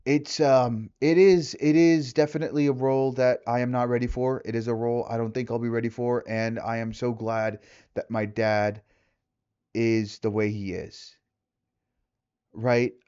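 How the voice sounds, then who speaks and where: A man's voice: mid-range voice, flat delivery, normal speed, warm tone, clean tone, muffled recording. A young man in a casual, unscripted rant, talking in rambling bursts with lots of restarts, fillers and swearing. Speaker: vlogger.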